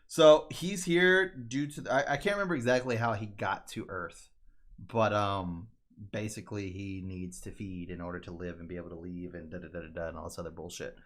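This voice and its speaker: A man's voice: low voice, fairly quick. A man co-hosting a podcast in casual chat, telling long rambling, profane stories with lots of energy. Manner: rambling, profane, animated storytelling. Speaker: podcast co-host.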